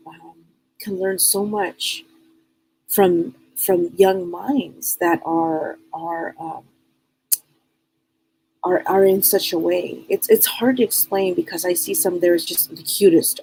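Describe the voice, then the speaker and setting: A woman talks casually and earnestly about spiritual matters on a live stream, wandering through her thoughts and often repeating or restarting her words. Her voice is low and mellow, with a gravelly edge and a husky, breathy texture. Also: rough recording. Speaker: psychic medium hosting a live stream.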